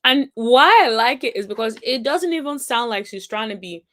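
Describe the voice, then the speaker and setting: A woman's voice: fairly high pitch, lively intonation, moderate pace, a bit bright. A woman hosting a reality TV recap, reacting to clips in a chatty, sassy way and humming "mm-mm-mm" in approval. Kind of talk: casual commentary on show clips.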